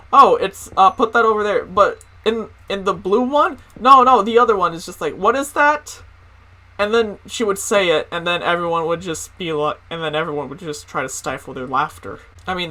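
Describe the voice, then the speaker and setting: Bright-voiced young comic storyteller. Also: medium pitch. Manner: casual, profane, many "like" fillers. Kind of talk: comedic personal storytelling.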